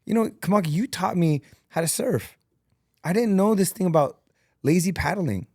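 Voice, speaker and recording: A man who is a podcast guest and entrepreneur, telling stories in an earnest, animated and emotional way. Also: high-pitched, normal speed, breathy edge, no echo, clean studio sound. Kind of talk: emotional, candid conversation.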